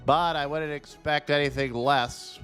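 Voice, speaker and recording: A man voicing prim, disgusted aliens who sniff at the junk around Earth, in a slow and slightly lower voice. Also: fairly even intonation, fairly bright tone, clean tone, faint music behind. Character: snooty disgusted alien spaceship crew.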